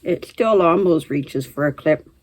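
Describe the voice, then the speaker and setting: A woman's voice: low voice, animated, measured pace, darkish tone. A middle-aged woman hosting a knitting video, chatting casually to camera and laughing easily as she talks. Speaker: knitting podcast host.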